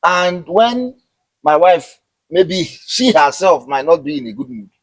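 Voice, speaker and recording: Husband talking things through, slightly high voice. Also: male voice, expressive, measured pace, dry recording, rough recording. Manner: repeats words while thinking, says "you understand?". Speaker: interviewed husband. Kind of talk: casual interview chat.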